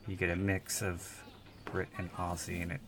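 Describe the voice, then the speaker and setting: A man co-hosting a podcast, chatting casually about a film, slow and hesitant with crude humor. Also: low voice, monotone, a crowd in the background. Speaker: podcast co-host.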